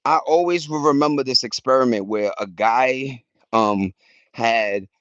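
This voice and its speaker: A man's voice: medium pitch, measured pace, fairly bright tone, no echo, lo-fi sound. A man vlogging in a casual, slangy, rambling way, chatting loosely to his viewers from home. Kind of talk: casual chat to camera. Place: at home with plants and a cat.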